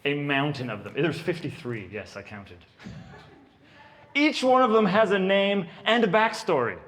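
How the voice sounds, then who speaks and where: A man in his thirties doing stand-up comedy at a birthday party, telling stories about his kids with lively, animated delivery. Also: fairly high pitch, measured pace, in a large hall. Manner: animated storytelling, puts on kids' voices.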